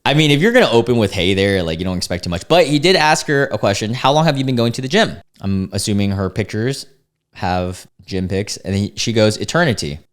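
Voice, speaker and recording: A young man with a fairly low voice talks through screenshots fairly quickly, sounding relaxed and amused. As the host of a casual reaction commentary, he reads the chats aloud, trips over words, restarts sentences and chuckles, like he's chatting with viewers.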